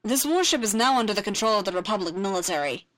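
A woman's voice: medium pitch, lively intonation, quick pace, a bit bright, lightly acted. A woman voicing a matter-of-fact male Jedi knight. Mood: assertive.

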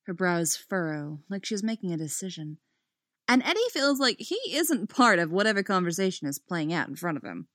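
A woman reading fiction aloud in an expressive way, dropping to a soft voice on the narration tags. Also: lowish voice, moderate pace, no room sound, studio quality. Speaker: storyteller.

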